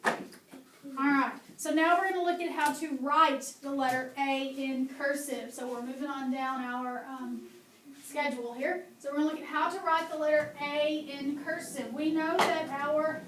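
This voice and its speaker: High-voiced female teacher who quizzes patiently and models each sound, recorded from a distance in an echoey classroom. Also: steady tone, moderate pace, fairly bright tone. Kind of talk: classroom phonics and handwriting lesson. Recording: echoey room, mic far off, faint hum.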